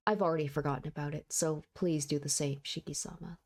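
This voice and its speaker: A woman's voice: sits low, fairly even intonation, a little fast, a little mellow. A woman voicing a young female maid who speaks in a polite, formal, pleading way.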